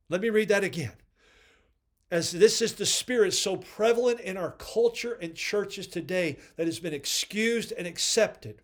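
A man's voice: sits high, animated, measured pace. A man hosting a devotional podcast, earnestly preaching and commenting on quoted readings. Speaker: podcast host.

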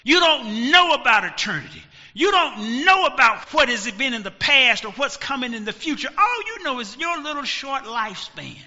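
Emphatic middle-aged male pastor, lively high delivery; dull recording with long hall reverb. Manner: emphatic, rising to shouts, dramatic pauses. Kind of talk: sermon. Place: church sanctuary.

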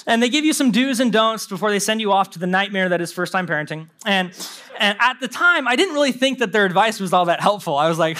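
A young adult man, a pastor, preaching a sermon with animated storytelling and mimicked voices. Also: high voice, a little fast.

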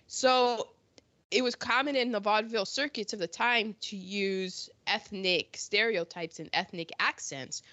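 A woman's voice: medium pitch, unhurried, pushed and bright, no room sound, highs cut off. A woman co-hosting a podcast, chatting casually and laughing often as she trails into asides. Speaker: podcast co-host. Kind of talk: casual chat about old films.

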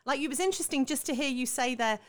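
A woman's voice: sits high, fast. A woman from southern England working as a voice coach, explaining vocal technique in an enthusiastic, affectionate interview manner. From Salisbury, southern England. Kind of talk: conversational interview.

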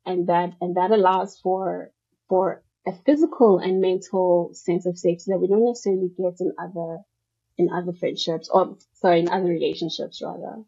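A woman's voice: on the low side, fairly even intonation, normal speed, gravelly, dark tone, slightly rough. A woman guest on a podcast, explaining her ideas at length in a thoughtful, casual way with many fillers. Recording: muffled lo-fi audio.

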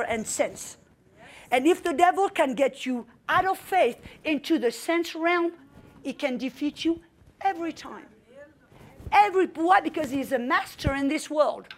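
A woman's voice: sits high, animated, a little slow. A middle-aged woman preaching a sermon, telling a story with fervent emphasis and commanding outbursts. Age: young adult in 1994, now middle-aged.

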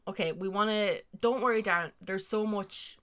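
A woman's voice: medium pitch, normal speed, fairly bright tone. A young woman co-hosting a podcast, chatting casually and swearing freely, sitting a little back from the mic. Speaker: podcast co-host. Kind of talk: casual chat. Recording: slightly distant from the mic.

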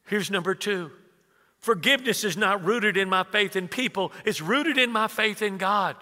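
A man, preaching a conversational sermon full of stories, swinging from hushed asides to loud bursts. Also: sits high, moderate pace. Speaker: pastor. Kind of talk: sermon with storytelling. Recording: reverberant church hall.

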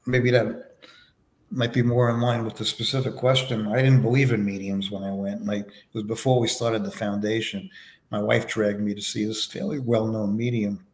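A man as a podcast guest, answering interview questions in a relaxed, anecdotal way with many fillers. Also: fairly low pitch, normal speed, echoey room. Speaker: podcast guest, foundation vice president.

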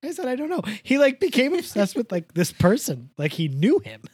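A woman co-hosting a podcast in casual chat, telling animated stories and acting out the voices of people she quotes. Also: sits high, brisk, slightly rough, no room sound. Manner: animated storyteller, acts out quotes, self-deprecating. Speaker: podcast co-host.

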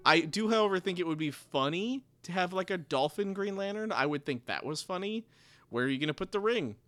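A playful, jokey man co-hosting a podcast in casual banter. His voice is slightly higher than most men's, with a bright, forceful edge. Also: expressive, soft background music. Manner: playful, jokey, quick comebacks. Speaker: podcast co-host.

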